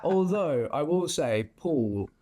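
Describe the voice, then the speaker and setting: A young adult man, a bartender, chatting as a podcast guest, telling lively stories and swearing freely. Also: fairly high pitch, slow pace. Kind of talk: casual interview chat.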